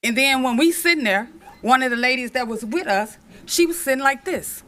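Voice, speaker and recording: Impassioned bright-voiced woman resident. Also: sits high, animated, fairly quick. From Michigan. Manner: impassioned, repeats phrases for emphasis. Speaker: resident giving public comment. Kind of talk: public comment speech. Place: city commission meeting chamber.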